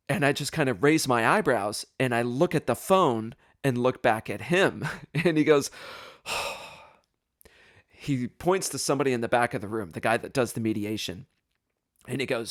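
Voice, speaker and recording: A man hosting a podcast, telling a personal story in an animated, self-deprecating way, with plenty of ums and restarts. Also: medium pitch, moderate pace, no echo, studio quality. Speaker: podcast host.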